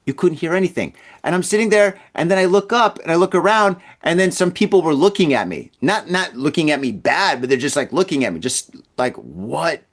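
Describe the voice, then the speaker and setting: A man's voice: on the high side, lively intonation, fairly quick, few pauses. A man hosting a podcast, telling a long casual story in a rambling way, stammering and repeating his words. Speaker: podcast host.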